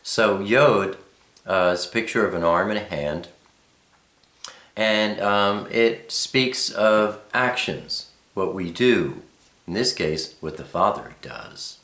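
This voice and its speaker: A middle-aged man explaining Hebrew letters and names slowly, with many ums and uhs. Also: lowish voice, expressive, fairly bright tone, reverberant. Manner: slow, thoughtful explanation. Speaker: Bible teacher.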